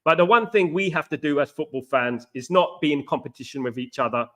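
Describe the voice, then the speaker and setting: A man's voice: a little high, expressive, brisk, fairly bright tone. A man from the East End of London with an East London accent, hosting a live fan stream, emphatic and repetitive, calling his viewers mates. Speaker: fan channel host. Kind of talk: live match-day stream chat. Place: home in an apartment complex abroad.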